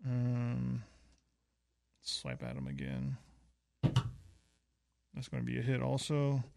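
A man with a gravelly, fry-laden voice is playing a tabletop game. He thinks aloud while he works out his character's next moves. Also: mid-range voice, very animated, slow pace, a little mellow. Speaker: player.

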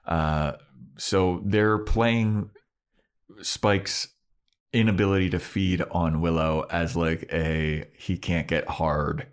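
A man's voice: low voice, takes it slowly, clean tone. A man co-hosting a podcast, recapping an episode in casual chat and playfully acting out the characters' lines. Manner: animated storytelling, acts out characters' lines in funny voices. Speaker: podcast co-host.

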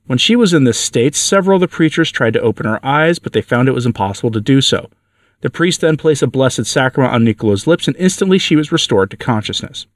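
Male narrator, mid-pitched, dry studio sound, solemn scripted storytelling. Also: no echo. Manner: measured, solemn reading. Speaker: podcast reader.

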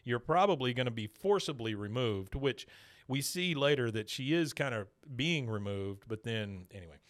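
Man recapping a cartoon, lively, bouncy pitch, breaks into character voices and laughs. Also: moderate pace. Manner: lively storytelling, acting out lines with big pitch jumps and laughing. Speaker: podcast co-host recapping a cartoon episode. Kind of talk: casual chat.

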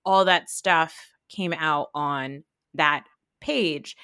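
Bright-voiced woman podcast host, laughing. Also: low-pitched, drawn-out words, smooth, no echo, clean studio sound. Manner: laughs often, gushing and excitable. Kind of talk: casual chat.

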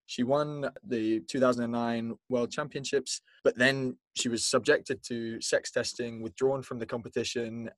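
A man from South Africa co-hosting a podcast, talking in a measured way and reading out facts carefully. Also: medium pitch, fairly even intonation, no echo. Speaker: podcast co-host. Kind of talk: casual discussion.

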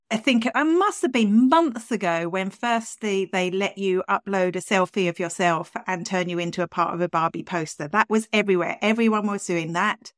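A woman's voice: medium pitch, no echo, clean studio sound. A woman hosting a podcast, chatting in an upbeat way with lots of asides. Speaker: podcast host. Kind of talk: casual chat.

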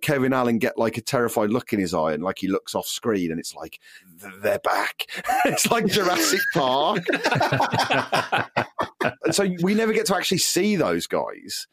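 Male comic on a podcast, bouncy lively delivery, dry close mic, chatty and quick. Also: mid-range voice, no echo. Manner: animated, quick, laughs often. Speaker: podcast guest comedian. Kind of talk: casual chat.

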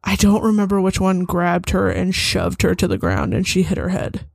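A woman's voice: on the low side, moderate pace, creaky, no echo, clean studio sound, heavily acted. Nick, a woman voicing a groggy hungover guy. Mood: flat. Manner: flat, curt, half-awake mumble. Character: groggy hungover young man woken from sleep.

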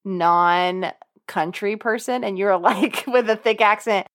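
A woman's voice: mid-range voice, slow. A woman co-hosting a podcast, chatting casually, joking and laughing often. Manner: giggly, joking, rambling. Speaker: podcast co-host. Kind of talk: casual chat.

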